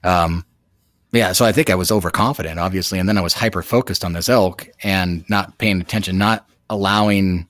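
A man guest telling a dramatic personal story in an animated way, with many restarts. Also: low-pitched, a little fast, no room sound, studio quality. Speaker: podcast guest. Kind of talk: storytelling anecdote.

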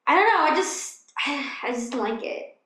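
A chatty woman co-host with a slightly high voice, talking casually with plenty of "like"s. The sound bounces around an echoey room. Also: expressive, a little slow, pushed and bright. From Texas. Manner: chatty, frequent fillers. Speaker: podcast co-host. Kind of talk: casual recap chat.

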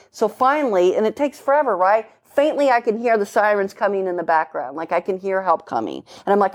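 A woman's voice: mid-range voice, big pitch swings, moderate pace. Blunt, emphatic middle-aged policewoman storyteller. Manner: vivid, emphatic, blunt with casual swearing. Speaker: police officer guest. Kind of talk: recounting a story in casual conversation.

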